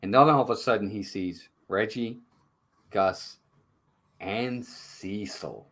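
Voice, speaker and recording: A man with a fairly low pitch and slow pace co-hosts a movie review show. He chats in a relaxed way and brings the plot to life by acting out each character's lines.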